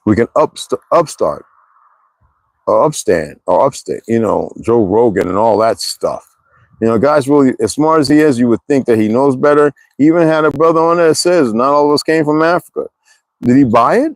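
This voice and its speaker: A man's voice: mid-range voice, animated, moderate pace, no echo, poor audio. A man in his sixties hosting a casual livestream, rambling and chatting directly to his viewers with frequent laughs. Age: 60s. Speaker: livestream host.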